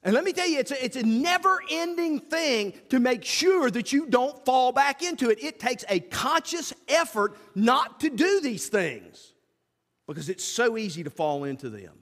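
A man preaching a sermon in a folksy, animated way, acting out little asides to the congregation. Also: extremely high pitch, moderate pace. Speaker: pastor. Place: church sanctuary. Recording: long church reverb.

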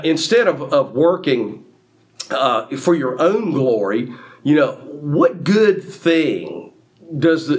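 A man pastor giving a sermon, often repeating his words and pausing on fillers as he builds each point. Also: fairly high pitch. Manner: repeats words, measured preaching with many fillers.

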